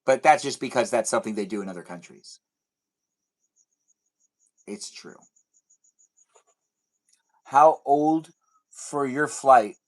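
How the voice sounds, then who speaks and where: A man's voice: medium pitch, lively intonation, takes it slowly, pauses often, poor audio. A man on a live stream, talking loosely and playfully to the people watching. He wanders from thought to thought and slips into goofy little back-and-forth scenes. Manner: rambling, playful, acts out silly imagined dialogues. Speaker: livestreamer. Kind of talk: casual live-stream chat with viewers.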